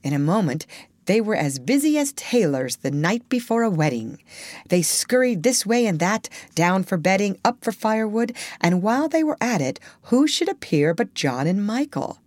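A woman reading a children's storybook aloud in a gentle, expressive way. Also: mid-range voice, moderate pace, no echo. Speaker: audiobook narrator.

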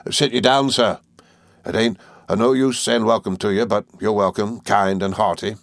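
A man voicing a hearty, jovial old fisherman with a broad rustic dialect and booming laughs. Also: fairly even intonation, normal speed, no echo, studio quality, close to an everyday voice.

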